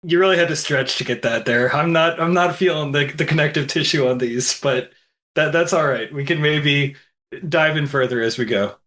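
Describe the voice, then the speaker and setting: Male podcast co-host, bright tone, measured explainer. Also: a little high. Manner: explanatory, measured, with filler pauses. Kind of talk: casual film podcast chat.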